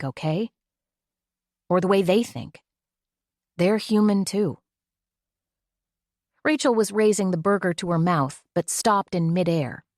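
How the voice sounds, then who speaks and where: A woman's voice: on the low side, no room sound, studio quality. A woman narrating an audiobook in a scripted reading style, giving the characters' dialogue in her own voice.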